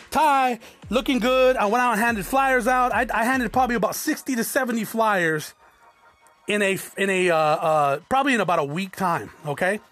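This is a man in his forties from South Tucson, Arizona, an entrepreneur vlogger with a high voice. In his motivational monologue to camera he's blunt, profane and preachy, referring to his viewers as "guys," while soft music plays behind him.

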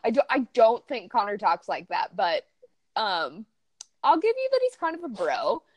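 A young woman co-hosting a casual podcast, chatty and expressive. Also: medium pitch, normal speed, no echo. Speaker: podcast co-host. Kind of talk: casual chat.

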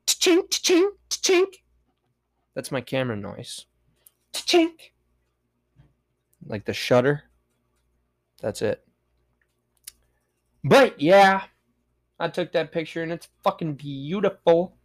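A man hosts a solo podcast, rambling and joking casually with lots of swearing. His fairly high voice has lively intonation, and he takes it slowly with frequent pauses.

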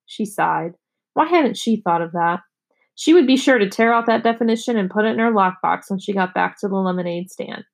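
A woman's voice: brisk, gravelly. A woman reading a children's chapter book aloud to students, narrating and lifting her voice for the kids' dialogue. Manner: expressive, raises pitch for children's dialogue. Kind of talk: storybook read-aloud.

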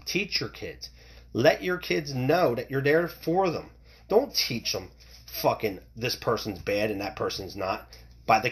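A middle-aged man from the United States hosting a solo podcast, ranting in a heated, profane way with many restarts and repeated words. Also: mid-range voice. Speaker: podcast host. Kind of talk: opinionated solo podcast rant.

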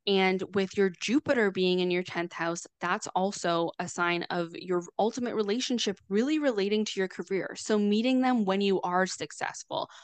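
A woman's voice: mid-range voice, normal speed, few pauses, smooth, no echo. A woman astrologer explaining things casually on a video call, chatty, with lots of fillers and restarts. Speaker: astrologer guest.

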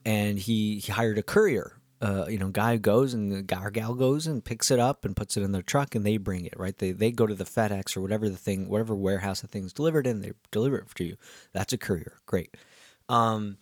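A man's voice: fairly low pitch, no room sound. A man who hosts a podcast, telling stories from his week in a rambling casual way, with many ums and restarts. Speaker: podcast host and musician. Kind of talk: casual storytelling monologue.

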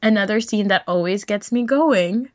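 A woman's voice: mid-range voice, normal speed. A young woman co-hosting a podcast in casual chat, giggly and full of fillers. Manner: chatty and giggly, many fillers. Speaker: podcast co-host.

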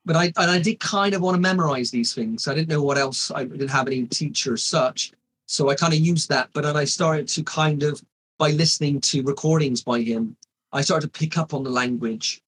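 A man's voice: mid-range voice, fairly bright tone, slight background noise, low-quality recording. A man in his forties, a hypnotist, telling his story in a casual interview with many restarts and fillers. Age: 40s. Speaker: hypnotist guest.

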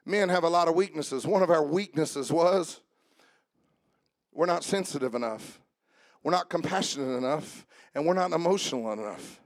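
A man preaching a sermon as pastor, shifting between shouted, rhythmic runs and a lower conversational tone, with jokes for the congregation. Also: normal speed, no echo. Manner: joking with the congregation.

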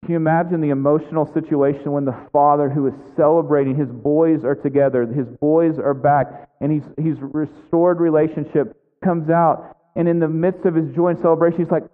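A pastor preaches a conversational sermon in a flat, fairly quick voice, often tossing in "right?" asides. He acts out the lines of biblical characters with shifting pitch, and the audio is an echoey hall coming through a thin, phone-like line.

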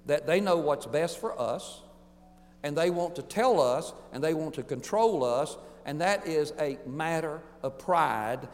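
A pastor preaching a sermon emphatically, swinging between booming declarations and hushed asides. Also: male voice, lively intonation, measured pace, big-room sound.

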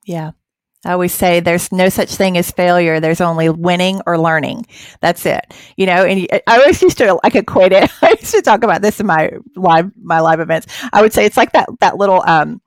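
A woman hosts the interview with a lower voice, recorded dry and close. She affirms and encourages her guest often and talks freely about her faith. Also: a little fast, no echo. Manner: affirming, encouraging, frequent agreement. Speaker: interview host. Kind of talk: conversational interview.

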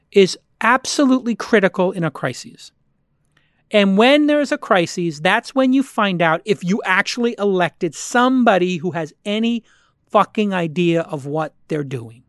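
A man's voice: high-pitched, lively intonation, moderate pace, fairly bright tone, dry recording, studio quality. A middle-aged American man on a podcast, ranting in a heated, profane, emphatic way. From United States. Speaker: podcast guest.

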